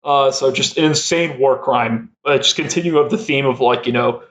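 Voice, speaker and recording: A man's voice: medium pitch, normal speed, hardly any pauses, a bit bright. A young man chatting as a podcast guest, rambling and laughing a lot with many fillers. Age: young adult. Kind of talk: casual chat.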